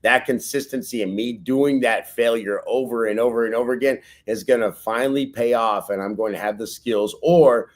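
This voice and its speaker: Man, podcast co-host, emphatic pep talk, mid-pitched voice. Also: normal speed, hardly any pauses. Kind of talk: casual motivational chat.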